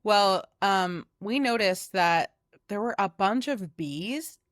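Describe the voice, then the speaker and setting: A young adult woman co-hosting a podcast, telling a story in lively casual chat, swearing often and acting out her own reactions. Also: mid-range voice, slow pace, no room sound, studio quality. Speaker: podcast co-host.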